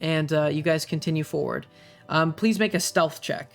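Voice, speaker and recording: Young male game master, high-ish voice, hesitant narration, faint music under. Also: vocal fry. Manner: halting, many ums and uhs.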